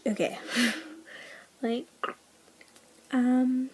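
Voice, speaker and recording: A high-pitched woman's voice, darkish and barely moving in pitch, speaks extremely slowly over poor audio. She is eighteen and vlogging a rambling personal story, peppered with "like," whispering the lines she quotes.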